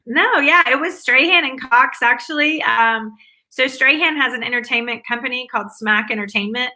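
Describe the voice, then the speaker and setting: A former academic advisor with a Southern US accent is a guest in a conversational interview, answering upbeat and enthusiastically in long run-on replies. Her voice is high, bright and pushed at normal speed, on a low-quality recording.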